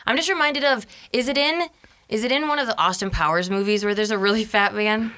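A woman co-hosting a casual podcast, playful and quick to laugh. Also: fairly high pitch, pushed and bright. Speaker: podcast co-host. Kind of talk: casual chat.

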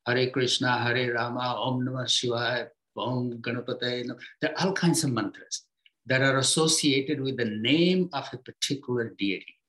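This is a man teaching in a contemplative, spiritual vein; he speaks slowly, and his voice drops soft and low at the close of each phrase.

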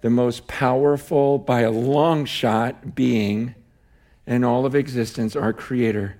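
A man preaching a sermon as a guest, animated and conversational, often saying "like" and laughing. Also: medium pitch, takes it slowly.

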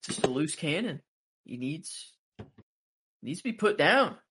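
A man's voice: on the high side, sing-song, measured pace, a bit bright, slightly rough. A man co-hosting a casual show recap chat, with hesitant fillers.

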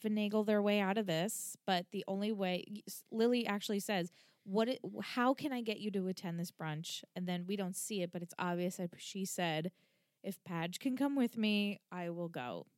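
A woman's voice: mid-range voice, normal speed, dry recording, studio quality. A woman co-hosting a podcast, chatting casually and acting out characters' lines as she recaps an episode. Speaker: podcast co-host.

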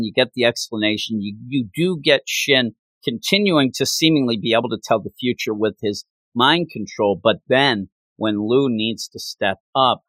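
A man's voice: mid-range voice, dry recording. A man in casual chat, reviewing a comic issue and acting out scenes as he retells them. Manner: animated, retells scenes with acted quotes; frequent fillers and restarts.

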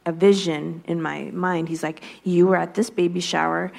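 Woman, slightly low voice, candid and reflective; tells her faith story as a guest. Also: level tone, moderate pace, gravelly, a little mellow. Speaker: guest, wife. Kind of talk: faith-based personal testimony.

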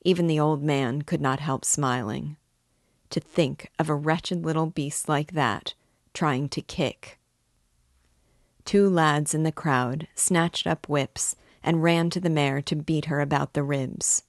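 A woman narrates a classic novel in a measured, even storytelling voice. Her pitch sits low and her pace is slow. The recording is dry and close. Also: no echo. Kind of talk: audiobook narration.

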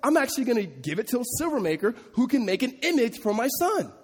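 A man's voice: very high-pitched, very animated, fast, husky, pitched above the performer's own voice, exaggerated voice. A man voicing a doting, falsely pious mother, in a sing-song, gushing manner, recorded in a reverberant hall.

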